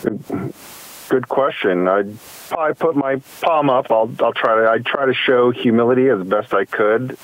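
A man's voice: mid-range voice, normal speed, poor audio. A man calling in to a coaching show, answering thoughtfully and agreeably with frequent ums. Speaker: caller. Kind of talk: call-in conversation.

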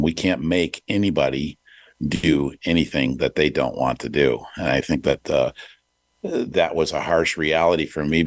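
A middle-aged man with an extremely deep voice tells a personal story in an earnest, reflective way. He often pauses with fillers and restarts his sentences. The sound is dry and close, with no room echo. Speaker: podcast host.

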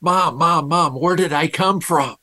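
A man voicing an excited seven-year-old boy in a funny story, shouting eagerly. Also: a little high, unhurried, pitched above the performer's own voice.

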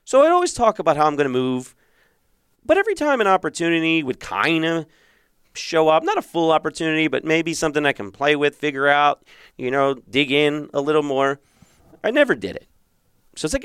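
A man hosting a show and telling his own story in a relaxed monologue, with many restarts and with past thoughts acted out in a raised voice. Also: a little high, brisk, clean tone, dry recording, clean studio sound. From Philadelphia. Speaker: podcast host and relationship coach.

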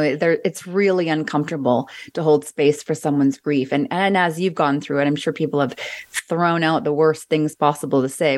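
Woman host asking thoughtful questions, really low voice. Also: no echo. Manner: reflective, gently probing questions. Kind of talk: interview.

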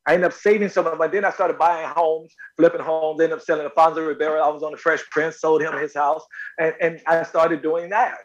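A man from North Carolina with a fairly high voice tells stories in a relaxed interview. He is animated and often repeats words as he goes. He talks about his own life as the guest actor. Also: brisk, muffled recording. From North Carolina, USA. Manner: animated, repeats words while telling a story. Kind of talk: casual storytelling interview.

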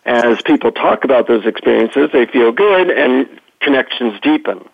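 A man's voice: mid-range voice, moderate pace, vocal fry, no room sound. A middle-aged man, a psychotherapist and author, telling stories as a guest on a phone-in radio interview. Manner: animated storyteller, chatty with fillers. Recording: tinny phone line.

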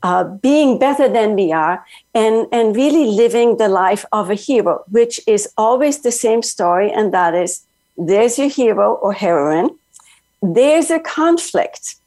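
A woman's voice: mid-range voice, expressive, unhurried, darkish tone. A woman author speaking as a guest in an earnest, flowing motivational style. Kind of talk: motivational talk.

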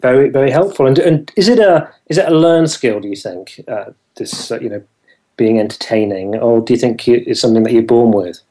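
A male podcast host with a mellow, warm voice, asking his guest friendly questions. He pauses and restarts a lot and fills the gaps with "uh" and "you know." He is encouraging and easygoing throughout. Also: mid-range voice. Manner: friendly, encouraging, hesitant fillers. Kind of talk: interview.

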